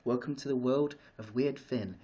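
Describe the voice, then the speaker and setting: A man hosting a live stream, chatting excitedly with viewers and drifting off topic. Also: medium pitch, moderate pace. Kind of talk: casual live-stream chat. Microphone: streaming device mic. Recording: dull lo-fi live-stream audio.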